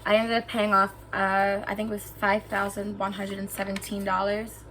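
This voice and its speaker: A young woman telling a story about getting scammed to her viewers in a vlog, animated and emphatic, getting heated as she goes. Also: medium pitch, moderate pace, background noise. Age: young adult. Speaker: vlogger.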